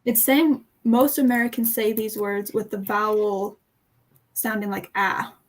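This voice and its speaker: A woman's voice: mid-range voice, level tone, a little slow. A young woman co-hosting a reading livestream, chatting playfully and testing how she pronounces words. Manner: playful, testing her own pronunciation aloud. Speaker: booktube co-host. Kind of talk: casual chat on a reading livestream.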